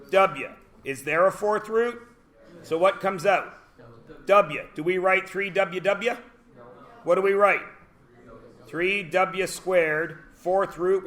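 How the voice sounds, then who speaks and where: A man's voice: on the high side, a bit bright. A Canadian man teaching a math class in a classroom, chatty, asking the class questions and answering them himself.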